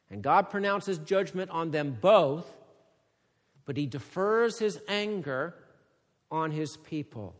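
A man preaching an expository sermon, reading scripture aloud and rising to a loud, emphatic voice on the quoted words. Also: a little high, animated, takes it slowly, in a large hall. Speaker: pastor.

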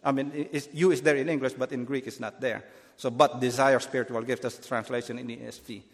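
A man's voice: mid-range voice, steady tone, quick pace, big-room sound. A man preaching a Bible teaching sermon, earnest and explanatory, often restarting his phrases.

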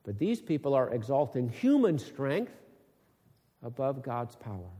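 A man's voice: mid-range voice, sing-song, unhurried, mellow, slightly rough, in a large hall. A man teaching from the Bible in sermon style. He reads scripture aloud, then explains it with rising, emphatic questions. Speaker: preacher.

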